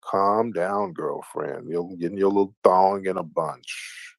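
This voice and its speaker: A man's voice: sits low, steady tone, slow, gravelly, no room sound. A man hosting a late-night livestream call-in show, teasing and taunting his callers in a mocking sing-song way. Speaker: livestream host. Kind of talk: casual call-in banter.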